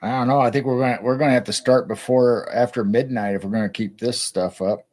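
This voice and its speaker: Man in his 60s hosting a late night stream, rambly and laid back, chuckles a lot, average pitch. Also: steady tone, fast, darkish tone. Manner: easygoing, rambling, chuckles between remarks. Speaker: live stream host. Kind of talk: casual late-night chat.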